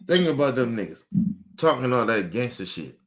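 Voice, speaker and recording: Hosting a show, a man rants angrily on air, swearing heavily and repeating himself a lot. His medium-pitched voice has a sing-song quality, and he speaks at a moderate pace.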